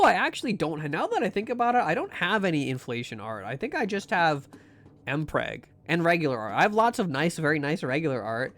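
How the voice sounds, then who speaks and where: Brief: young male streamer, lively slightly high voice, loose joking commentary to chat. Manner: rambling, jokey, lots of restarts and asides. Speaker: livestreamer playing a horror game. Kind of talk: casual gameplay commentary to chat.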